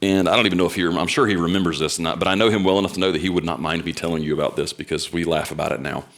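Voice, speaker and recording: Young male pastor, sermon, storytelling, loud bursts then soft asides. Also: sits low, fairly even intonation, rapid-fire.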